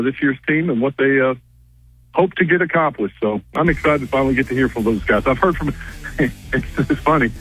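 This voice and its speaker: A man's voice: mid-range voice, a bit bright, slightly rough. A man calling in to a radio show as a reporter, chatting casually and rambling with lots of fillers, often losing his train of thought. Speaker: reporter calling in from media days. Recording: tinny phone line, dry.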